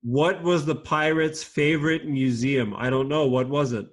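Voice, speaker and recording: A man's voice: fairly high pitch, steady tone, a little hiss or hum. A man patient, encouraging kids' teacher on a video call. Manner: patient, encouraging, speaks slowly and clearly to kids. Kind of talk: teaching a children's class online.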